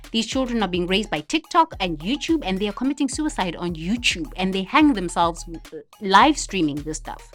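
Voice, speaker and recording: A woman giving an animated spiritual monologue to camera, often laughing and mimicking others. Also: medium pitch, moderate pace, faint music behind. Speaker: vlogger.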